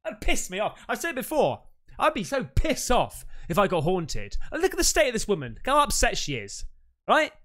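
A man's voice: high-pitched, huge pitch swings, moderate pace, a bit bright. A man hosting a reaction video, talking in a brash, boastful way and swearing often. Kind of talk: casual reaction commentary.

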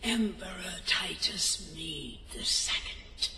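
A woman's voice: lowish voice, animated, takes it slowly, creaky, exaggerated voice. A woman voicing an ancient, cold and commanding female spirit in whispered role-play, with a hissing whisper. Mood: solemn commanding. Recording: echoey with loud ambient drone.

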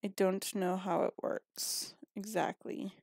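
A woman's voice: mid-range voice, level tone, takes it slowly, creaky, darkish tone, no echo, clean studio sound. A woman giving casual gameplay commentary, chatty and scolding her characters, a little sniffly and yawning. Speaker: gaming video creator.

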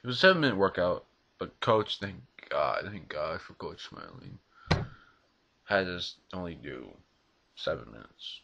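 A man's voice: low voice, sing-song, measured pace, creaky, pushed and bright, a little hiss or hum. A young man in his teens rambling casually in a vlog, swearing a lot and stumbling over words. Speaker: vlogger. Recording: slightly dull lo-fi recording.

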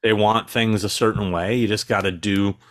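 A man's voice: lowish voice, steady tone, moderate pace, no room sound. A man with a dry, sarcastic sense of humor, telling stories as a guest in a casual podcast interview.

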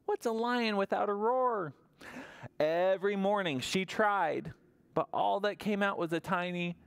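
Male children's librarian, animated story-time delivery, smooth tone. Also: sits high. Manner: animated sing-song storytelling to small children. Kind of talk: toddler story time with songs.

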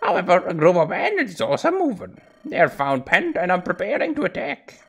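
A man voicing an ancient male sage who speaks slowly and solemnly, in a creaky old-man voice. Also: high voice, wildly swooping pitch, fairly bright tone, voice pushed up, exaggerated voice. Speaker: let's play host voicing characters.

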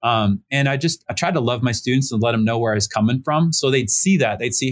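A podcast guest pastor in his thirties, on a remote call setup, rattles through a personal story quickly and with hardly any pauses. The delivery is casual and filler-heavy, and he lifts his ordinary male voice to act out each person he quotes.

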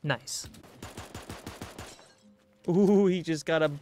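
A man giving let's-play commentary, excitable, gasping and talking to himself as he plays. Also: a little high, extremely slow. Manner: excitable, gasps and talks to himself. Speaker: gaming YouTuber.

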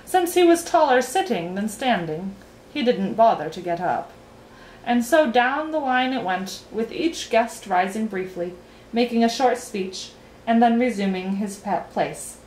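A woman reading a children's novel aloud in an expressive storytelling voice. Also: a little high, a little slow, a little hiss or hum. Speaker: reader. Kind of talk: storybook read-aloud narration. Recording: roomy echo, faint ambience.

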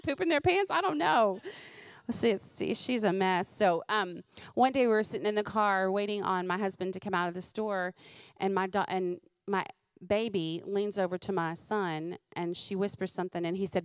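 A middle-aged woman, a comedian host telling lively, funny stories about her kids and laughing at them. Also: medium pitch, moderate pace, smooth, dry recording, clean studio sound. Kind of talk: comedic storytelling.

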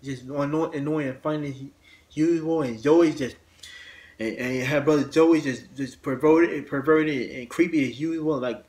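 A man hosting his own channel, ranting casually about films in a halting way, with lots of restarts, repeated words and blunt swearing. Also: a little high, fairly even intonation, a little mellow. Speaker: host. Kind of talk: casual movie rant.

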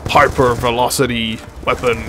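A young man giving live commentary while playing a shooter, excitable and jokey, swearing and yelping when he gets hit. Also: medium pitch, moderate pace, faint music behind. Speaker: gaming channel host.

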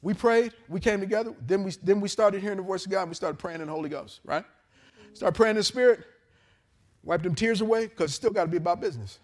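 High-pitched, animated preacher. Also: male voice, fast talker. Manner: storytelling sermon with animated character voices and laughter. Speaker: pastor. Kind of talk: sermon. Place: church service in a hotel venue. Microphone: handheld or lapel mic.

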